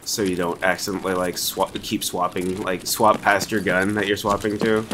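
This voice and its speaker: A man with a very low voice chats loosely while he plays, trailing off and restarting his thoughts. Keyboard and mouse clicks rattle clearly behind him on a noisy desk mic. It sounds like an at-home gaming stream. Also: flat delivery, moderate pace. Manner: rambling, hesitant, filler-heavy. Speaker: streamer playing a shooter game. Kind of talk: casual gameplay chat. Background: keyboard typing and mouse clicks.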